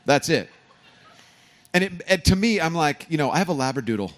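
A man, a pastor from California, preaching a sermon with humorous stories and animated emphasis. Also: fairly high pitch, fairly quick. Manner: storytelling, joking asides, animated emphasis.

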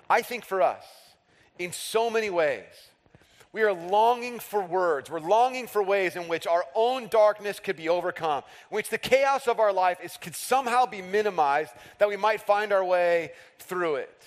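Male pastor, thirties, fairly high voice, wry self-deprecating storyteller, long hall reverb, sermon delivery. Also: expressive, normal speed. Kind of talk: sermon with personal stories.

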